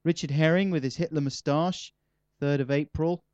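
A man's voice: a little high, fairly even intonation, normal speed, a little mellow, no room sound. Wry rambling man, muffled dry sound. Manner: rambling, self-mocking, wry. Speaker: comedian interviewee. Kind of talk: casual interview chat. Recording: slightly muffled dry recording.

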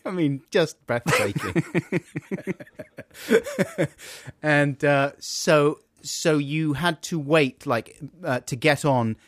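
A man co-hosting a casual chat, telling an anecdote with lively, expressive delivery. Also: fairly high pitch, very slow, pauses often, no room sound. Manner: animated, expressive storyteller who acts out voices. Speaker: podcast co-host.

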